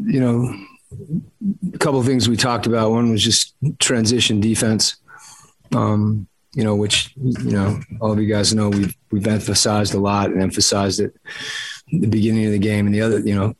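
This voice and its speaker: A male basketball head coach answering press questions after a game, halting and full of fillers. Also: fairly low pitch, flat delivery, slightly rough, no room sound, poor audio. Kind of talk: postgame press conference answers.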